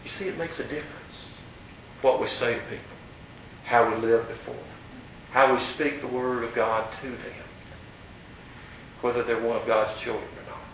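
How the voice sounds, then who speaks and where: A man preaches in a folksy, earnest storytelling way, his voice ringing around a very echoey hall. He sounds set back from the microphone, with a faint low rumble underneath. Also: steady tone, moderate pace, pauses often, fairly bright tone, distant mic. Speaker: pastor. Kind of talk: storytelling sermon.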